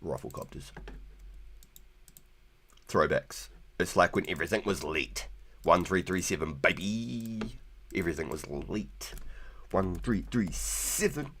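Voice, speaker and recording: A man hosting a live game stream in loose, profane banter with his chat. His voice sits a bit low and moves slowly, with big swings in pitch. He keeps breaking into laughter. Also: lively intonation, a bit bright. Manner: laughs often, swears freely, rambling banter with chat.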